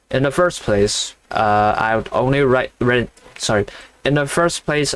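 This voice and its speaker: A man reading a novel aloud haltingly and breaking off into blunt, casual, swearing commentary. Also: lowish voice. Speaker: reader reacting to a novel.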